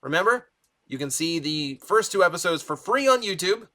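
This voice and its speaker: A man's voice: sits high, animated, moderate pace, pushed and bright. A young man casually reviewing a cartoon, enthusiastic and rambling with fillers, his voice a little strained from long talking.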